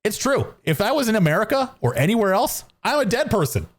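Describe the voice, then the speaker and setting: A man's voice: high-pitched, sing-song, a little fast. A man tells a story casually while he games at home. He is close on a studio microphone, rambles and restarts his sentences, and keeps poking fun at himself. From Canada. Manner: rambling, self-mocking, frequent restarts and fillers. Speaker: streamer. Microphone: studio dynamic microphone.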